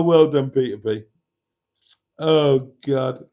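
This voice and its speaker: A man's voice: fairly high pitch, big pitch swings, slow, pauses often, dark tone. A man hosting a casual livestream, reading out viewer comments and laughing heartily. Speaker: livestream host.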